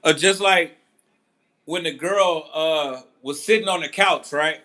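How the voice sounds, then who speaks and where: A man's voice: a little high, a little slow, sharp tone. A man hosting a boxing channel, telling a story in casual commentary with a laid-back manner, acting out quotes now and then.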